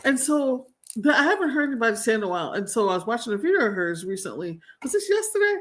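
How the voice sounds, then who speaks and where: A woman's voice: fairly high pitch, very animated, quick pace, hardly any pauses. A woman hosting a livestream, ranting in a blunt, profane, exasperated way. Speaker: livestream host. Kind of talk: casual ranting commentary.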